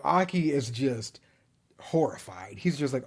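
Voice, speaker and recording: A man recapping an anime season in a casual, animated storytelling manner, chuckling often. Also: medium pitch, unhurried.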